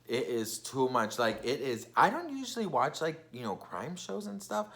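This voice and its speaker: Young male vlogger, gossipy storytime chatter, bright tense tone. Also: mid-range voice, big pitch swings, moderate pace. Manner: chatty and gossipy, many fillers. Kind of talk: casual storytime vlog.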